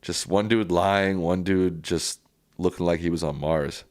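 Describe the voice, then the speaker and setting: A man's voice: low voice, steady tone, a little slow, a little mellow, no echo, studio quality. A man hosting a live stream, reading viewer comments aloud and answering them in a casual, plainspoken way.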